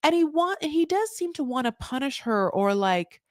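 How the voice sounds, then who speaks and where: A woman hosting a casual recap podcast, animated and sarcastic, swinging between loud outbursts and muttered asides. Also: sits high, normal speed, dry recording, clean studio sound. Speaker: podcast host.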